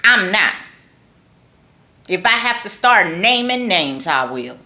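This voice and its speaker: A woman's voice: mid-range voice, very animated, takes it slowly, bright, forceful tone. A woman from New York with a New York accent, giving a blunt, emphatic political rant to her viewers and repeating lines for emphasis. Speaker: vlogger.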